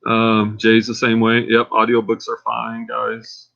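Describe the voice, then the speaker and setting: A man's voice: on the low side, measured pace, creaky, muffled recording. A man with a Texan accent hosting a casual livestream, rambling and getting fired up as he talks. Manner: rambling and excitable, gets fired up. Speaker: livestream host.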